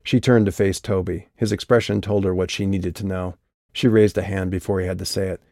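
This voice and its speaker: A man narrating an audiobook in a steady, measured reading. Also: low voice, dry recording, clean studio sound. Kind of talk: scripted narration.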